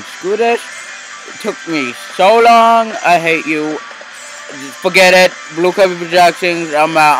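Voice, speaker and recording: A man's voice: high voice, measured pace, a bit bright, faint music behind, low-quality recording. A man commenting casually on a game he is playing, ranting in frustration and exaggerating his complaints. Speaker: gamer.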